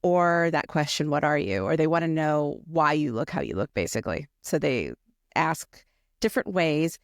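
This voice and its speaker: A woman's voice: low-pitched, expressive, normal speed, no echo, clean studio sound. A woman co-hosting a podcast interview, thinking aloud reflectively as she asks her guests a question. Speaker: podcast co-host. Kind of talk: conversational interview.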